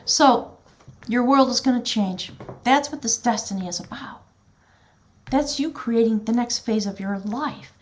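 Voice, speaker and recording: A woman's voice: on the high side, a little slow, slight background noise. A woman giving a spiritual tarot reading, speaking earnestly and directly to the viewer in a flowing, heartfelt way. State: choked up with emotion at times. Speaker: tarot reader.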